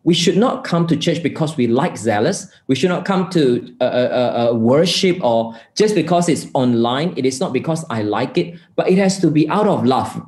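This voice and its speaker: Brief: male pastor, earnest storytelling sermon, mid-pitched, echoey room. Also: expressive, normal speed, few pauses, a little mellow. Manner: earnest storytelling, repeats words. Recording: roomy echo.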